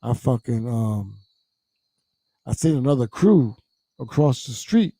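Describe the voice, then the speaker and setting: A man telling a profane, animated story as a guest in casual chat, acting out quotes, on a close mic. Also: mid-range voice, takes it slowly, no room sound.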